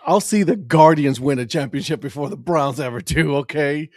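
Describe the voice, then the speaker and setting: A man's voice: a little high, normal speed, no room sound, studio quality. A man co-hosting a sports chat, teasing his friends and boasting playfully. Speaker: co-host. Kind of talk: casual chat.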